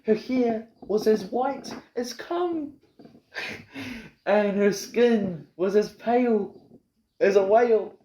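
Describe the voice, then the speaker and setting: A man rambles through a boastful, absurd comic tale in a deadpan, improvised way. His voice is mellow and dark. The room is echoey with a faint hiss. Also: sits high, takes it slowly, pauses often. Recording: roomy echo with faint noise.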